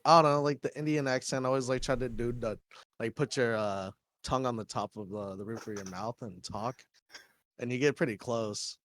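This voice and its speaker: A young man hosting a podcast, excitable and rambling with lots of filler words. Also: medium pitch, a little fast. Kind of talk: casual chat.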